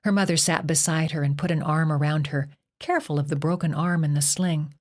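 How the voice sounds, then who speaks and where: A woman reading a horror novel aloud as an audiobook narrator, measured and expressive. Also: low voice. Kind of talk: scripted narration.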